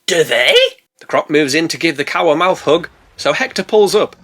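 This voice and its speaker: A man narrating a comedic film recap, sarcastic and deadpan, full of puns. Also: on the high side, brisk. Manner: sarcastic, punning, deadpan asides. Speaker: film reviewer.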